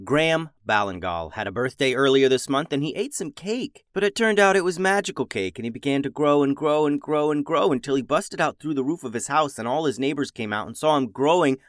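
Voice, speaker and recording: A man hosting a children's podcast, narrating stories in a playful, animated way into a close, dry mic. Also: mid-range voice, a little fast, few pauses, dry recording. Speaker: children's podcast host and storyteller. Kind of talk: storybook narration for kids.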